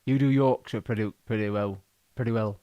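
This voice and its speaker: A man's voice: fairly low pitch, fairly even intonation, a little fast, clear, resonant tone, phone-quality sound. An Irish man, a member of a folk band, chatting casually on a livestream in a self-deprecating, hesitant way.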